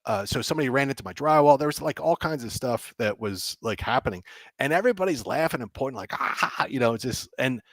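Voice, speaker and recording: A man, a game developer, telling animated stories as a guest and acting out people's reactions with frequent laughs. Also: mid-range voice, fast, no room sound. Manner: excitable, acts out reactions, laughs often. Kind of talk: animated storytelling.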